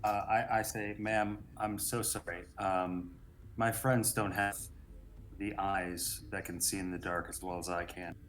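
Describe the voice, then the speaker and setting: A man's voice: sits low, fairly even intonation, a little slow, fairly bright tone, slight background noise. A man playing in a tabletop game, earnestly explaining his character's actions. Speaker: player. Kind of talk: casual tabletop role-play.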